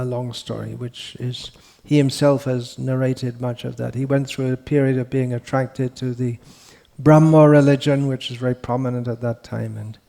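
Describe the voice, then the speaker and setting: A man delivering a religious lecture in a mellow, warm-toned voice. He talks unhurriedly and rambles, often restarting his sentences and pausing on fillers. His pitch sits in an ordinary middle range for a man. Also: vocal fry. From India. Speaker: monk lecturer. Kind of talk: scriptural lecture.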